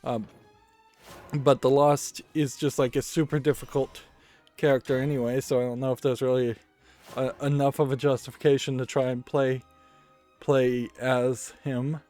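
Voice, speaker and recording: A man's voice: mid-range voice, little pitch movement, moderate pace, darkish tone, faint music behind. A man giving casual commentary while playing a card game, rambling and thinking aloud and often correcting himself. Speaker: let's play host.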